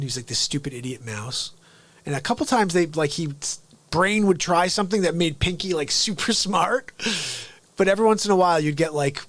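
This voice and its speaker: A man's voice: fairly high pitch, fairly bright tone. A man hosting a live comedy stream, joking energetically and talking to his chat viewers.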